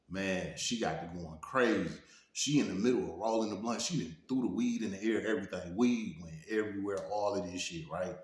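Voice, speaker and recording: Laid-back Detroit man, low voice, spinning a street story in a roomy room. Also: brisk. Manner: laid-back, peppers talk with "you know what I'm saying". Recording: roomy echo.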